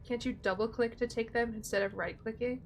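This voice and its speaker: A woman's voice: on the high side, steady tone, brisk, slight background noise. A young woman streaming a game, chatting casually with her viewers and swearing freely. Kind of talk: casual gameplay commentary.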